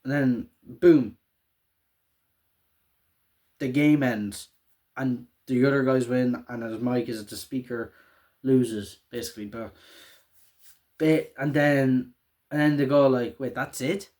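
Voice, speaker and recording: A young man, casually recapping a show in a rambling, excitable way with a lot of swearing and laughter. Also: medium pitch, slow, pauses often.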